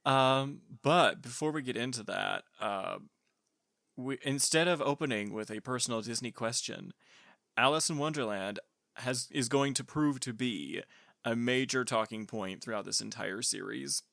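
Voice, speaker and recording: A man's voice: medium pitch, moderate pace, creaky, a bit bright, dry recording, studio quality. A young adult man hosting a podcast, chatting casually and laughing readily with theatrical flair. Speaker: podcast host.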